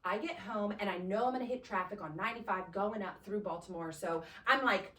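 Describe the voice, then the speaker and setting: Woman, casual chat, lively storyteller, acts out both sides, says "right?" a lot, distant mic, echoey room. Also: medium pitch, a little fast. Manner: ends points with a questioning "right?". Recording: roomy sound from a distant mic.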